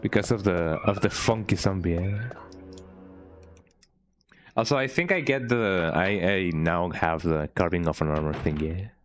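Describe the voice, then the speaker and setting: A man's voice: low voice, unhurried, no echo. A man streaming a game and chatting casually with viewers, playful, ending nearly every sentence with a questioning "eh?". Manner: playful, chats with viewers while playing. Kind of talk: casual gameplay commentary.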